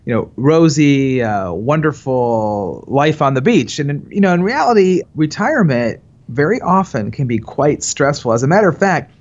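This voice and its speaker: A man's voice: on the high side, moderate pace, dull audio. Chatty middle-aged financial advisor, man. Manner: animated, lots of fillers and restarts. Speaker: financial advisor, podcast regular. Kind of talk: casual conversational explaining.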